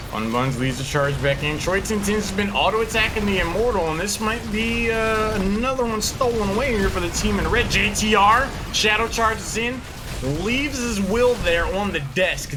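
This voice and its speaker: High-voiced esports play-by-play caster. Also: male voice, expressive, noisy background. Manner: quick, punchy play calls with wry quips.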